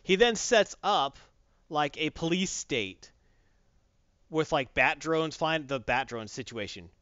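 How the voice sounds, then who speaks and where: Animated man rambling through a story. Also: a little high, slow pace, smooth, no room sound, muffled recording. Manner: rambling, animated, heavy on fillers. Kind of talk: casual chat retelling a comic story.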